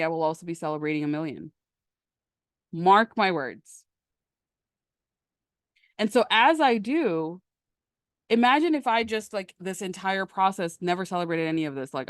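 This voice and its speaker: A woman's voice: on the low side, clean tone, no room sound, clean studio sound. Emphatic woman coaching on a livestream. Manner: emphatic, conversational, answers chat questions. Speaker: manifestation coach. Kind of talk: live-streamed coaching talk.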